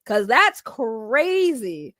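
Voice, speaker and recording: A woman's voice: fairly high pitch, sing-song, drawn-out words, fairly bright tone, dry recording, studio quality. A woman hosting a casual livestream, talking back to her chat and ranting with swearing and laughter. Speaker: livestream host.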